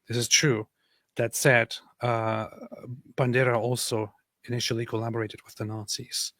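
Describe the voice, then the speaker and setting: A man's voice: medium pitch, level tone, moderate pace, fairly bright tone, no echo. A man in his thirties hosting a livestream, commenting casually on viewer chat in an exasperated, sarcastic way. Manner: exasperated, sarcastic, repeats himself. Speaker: livestream host.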